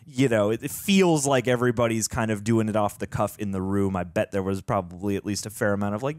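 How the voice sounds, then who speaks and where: Man, young, casual movie chat, fillers and restarts, deep-ish voice. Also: quick pace, few pauses, a little mellow, no room sound, studio quality. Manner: chatty, reads trivia aloud, frequent fillers and restarts. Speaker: movie reaction co-host.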